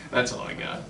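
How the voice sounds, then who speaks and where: A man's voice: far from the mic, noisy background. A man with a put-on Scottish accent, performing a stand-up comedy set as a joking, rambling storyteller. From United States. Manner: joking storyteller, rambling with fillers and laughs at his own lines. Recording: echoey room, voice from afar.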